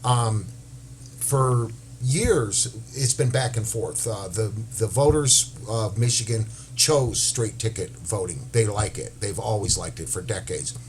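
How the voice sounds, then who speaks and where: Man explaining with halting restarts. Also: lowish voice. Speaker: panel guest. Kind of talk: explaining history on talk show.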